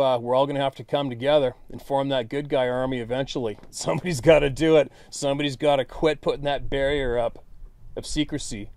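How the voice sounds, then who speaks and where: A man hosting his own channel delivers a casual monologue straight to viewers. His medium-pitched, darkish voice sounds blunt and frustrated, with some swearing.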